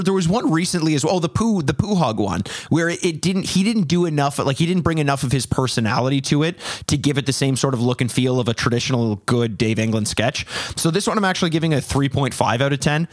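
A man's voice: a little high, fast, hardly any pauses, no echo, studio quality. A man co-hosting a casual podcast, reviewing comedy sketches in a rambling way with frequent restarts. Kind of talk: casual chat.

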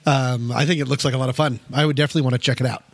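A man's voice: mid-range voice, fairly even intonation, very fast, gravelly, no echo. A man co-hosting a movie podcast, chatting casually and poking fun at himself with frequent laughs. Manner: chatty and self-deprecating, laughs a lot. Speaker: podcast co-host.

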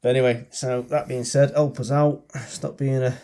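A man's voice: mid-range voice, level tone, normal speed, dark tone. A man co-hosting a podcast, talking bluntly and swearing often. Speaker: podcast co-host. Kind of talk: casual chat.

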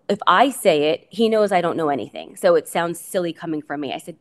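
Speaking briskly in a lowish voice, this middle-aged guest on an interview podcast, a coach's wife, rambles casually with plenty of fillers and restarts.

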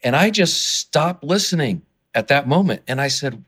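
A man, an author and guest on a podcast interview, who gets excited and worked up as he talks, often restarting his sentences. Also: on the high side, normal speed, hardly any pauses, husky.

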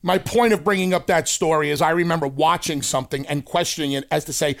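A man co-hosting a wrestling talk show, ranting in an emphatic, animated way. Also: on the high side, quick pace, gravelly, few pauses. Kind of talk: casual chat.

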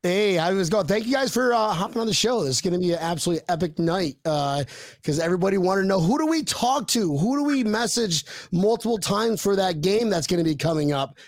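A man hosting a casual sports fan podcast, excitable and chatty with lots of fillers. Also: sits high, fast, no echo. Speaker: podcast host.

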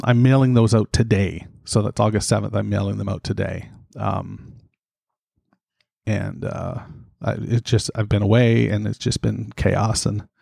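Low gravelly dude hosting his podcast, winded and breathing heavy, lots of ums, dry close sound. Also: a little mellow, no room sound. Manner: rambling, many fillers. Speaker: podcast host. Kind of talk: casual chat. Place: home studio.

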